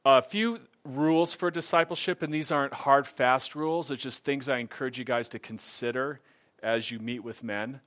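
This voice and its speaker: A man's voice: medium pitch, steady tone, moderate pace, a bit bright. A middle-aged man telling a personal faith testimony in a casual, earnest way, livening up when he quotes other people.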